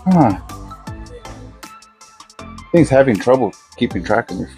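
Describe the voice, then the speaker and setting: A man's voice: mid-range voice, very animated, measured pace, mellow, soft background music. An older man chatting casually into his phone camera outside by his garage, rambling and easygoing as he works. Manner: rambling, easygoing, talks to himself while working. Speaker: vlogger. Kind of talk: casual day-in-the-life vlog. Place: outdoors by his garage, working on a fridge.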